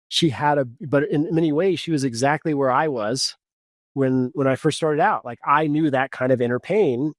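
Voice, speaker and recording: A man in his forties from Kansas talks as a podcast guest, winding through his stories with constant "like" and "you know". His voice sits at an ordinary pitch for a man. The sound is dry and close, with no room echo. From Kansas, USA. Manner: rambling, lots of "like" and "you know". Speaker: guest coach. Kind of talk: casual podcast storytelling.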